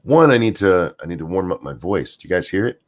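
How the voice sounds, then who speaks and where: A man's voice: sits low, expressive, fast talker. A man hosting a casual rant stream, sarcastic and crude, rambling with many fillers, still in his morning voice. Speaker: streamer host.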